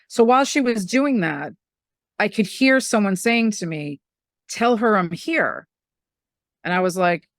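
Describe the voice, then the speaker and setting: A woman's voice: medium pitch, dry recording, studio quality. Chatty middle-aged woman telling stories. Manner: chatty, animated, acts out quoted voices. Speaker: medium and spiritual teacher, podcast guest. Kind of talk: casual storytelling conversation.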